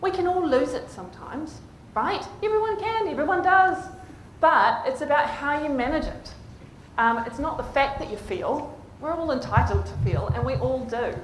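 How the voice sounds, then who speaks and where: A woman with a fairly high voice gives a conference presentation, often pausing to check the audience is following. The sound is echoey, as in a large hall, with a faint hiss of background noise. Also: expressive. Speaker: clinician speaking at a conference.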